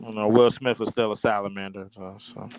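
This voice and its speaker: A man's voice: on the low side, flat delivery, fairly quick, darkish tone, clean tone, rough recording. A man co-hosting a casual podcast, talking in a laid-back, slangy way and tagging lines with "bruh" and "man". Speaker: podcast co-host. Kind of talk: casual sports podcast chat.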